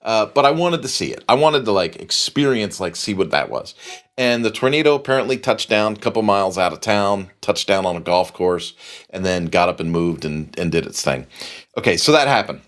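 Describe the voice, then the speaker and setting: A man's voice: fairly low pitch, expressive, a little fast, fairly bright tone. A middle-aged man hosting a podcast, telling a long story in a casual, rambling way and repeating phrases for emphasis. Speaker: podcast host.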